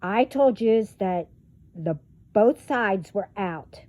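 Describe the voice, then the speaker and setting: A woman's voice: medium pitch, lively intonation, takes it slowly, darkish tone, no room sound. A woman vlogger delivering a profane, confrontational rant straight to her viewers. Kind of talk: angry rant to camera.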